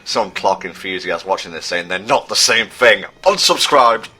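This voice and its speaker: A man's voice: low-pitched, moderate pace, sharp tone, slightly rough. A man co-hosting a game playthrough in casual commentary, dry and teasing with a pedantic streak. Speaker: let's play co-host. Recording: faint game music behind.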